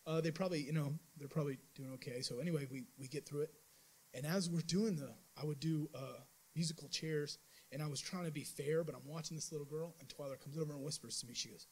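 A man with a somewhat high, husky voice gives a mission trip report to his church. He tells it as a loose, animated story, restarting sentences often. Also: brisk, poor audio. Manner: animated storytelling with many restarts and acted-out quotes. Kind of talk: informal sermon testimony.

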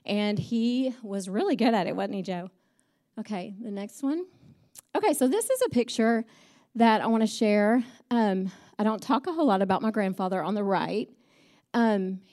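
This church speaker, a middle-aged woman, talks about her father in a personal storytelling message that's chatty and heartfelt, full of ums. Her voice has medium pitch and a darkish tone.

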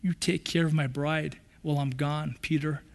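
A man preaching, voicing Jesus as a tender grown man who gently reassures a friend, spoken in a hushed way. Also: a little high, fairly even intonation, moderate pace, gravelly, voice pushed down. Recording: long hall reverb.

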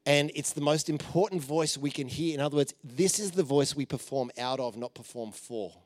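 A man preaching a conversational sermon, telling stories with playful jokes and asides, and dropping to a soft voice for emphasis. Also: on the high side, normal speed, no echo. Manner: informal and joking, with many fillers and playful asides.

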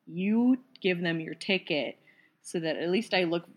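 A woman's voice: lowish voice, unhurried. A young woman casually telling a story in a podcast chat, giggly and full of "like"s.

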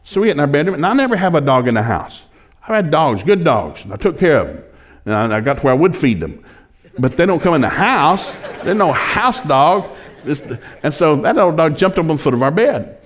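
Older male preacher, folksy storyteller; animated, slightly high voice. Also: a little fast. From rural Oklahoma. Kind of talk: humorous sermon storytelling.

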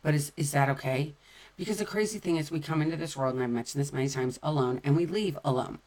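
Low-pitched middle-aged woman, candid and conversational, personal recovery talk. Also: fast talker, a little mellow. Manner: candid, conversational, repeats phrases for emphasis. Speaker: sober-living speaker.

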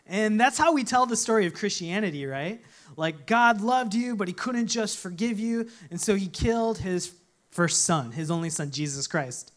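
A man's voice: high-pitched, lively intonation, moderate pace. A man preaching a sermon as a pastor, talking conversationally and telling stories with voiced quotes.

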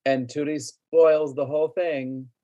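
A man's voice: a little high, fairly even intonation, measured pace, mellow. A man co-hosting a podcast who chimes in with short agreeing remarks in casual chat. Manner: brief agreeing interjections. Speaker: podcast co-host.

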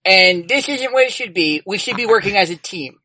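A woman playing her character at a tabletop game, quick and defensive as she argues. Her voice swings widely in pitch and has a bright, forceful edge, recorded dry and close. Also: expressive, breathy edge, no room sound, poor audio.

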